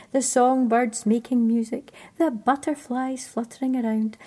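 A woman telling a story in a soft, hushed whisper. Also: sits high, slightly rough.

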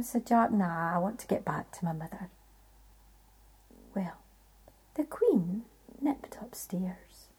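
Breathy, hushed Scottish woman storyteller. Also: high voice. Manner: hushed, half-whispered telling with loud bursts. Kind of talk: folk tale storytelling.

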